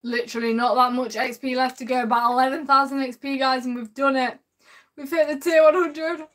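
A woman live-streaming a game, chatting warmly and excitably with her viewers and drawling a repeated sing-song catchphrase. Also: high-pitched, brisk. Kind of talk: live gameplay commentary.

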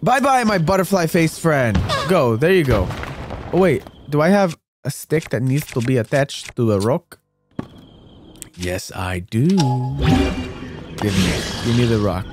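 A man's voice: mid-range voice, big pitch swings, slow. A man giving casual, goofy let's-play commentary, mocking himself and talking to the game characters. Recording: game music behind voice.

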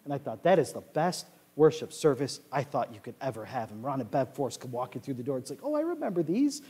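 A male pastor preaching a sermon, reading scripture in a loud rising voice and dropping low for asides. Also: quick pace. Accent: American Midwest. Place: church sanctuary.

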